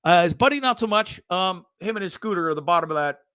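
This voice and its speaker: A man's voice: high-pitched, expressive, quick pace, bright, forceful tone, smooth, no room sound, clean studio sound. A man hosting a show, casually commenting on videos with frequent swearing, stammered repeats and laughter. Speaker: show host.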